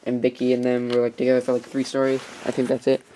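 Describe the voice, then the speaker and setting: Teen girl, home vlogger, low dark voice, chatty and rambling, lots of asides. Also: completely flat delivery, fast talker, slight background noise, rough recording. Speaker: YouTuber reviewing DVDs. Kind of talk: casual vlog review.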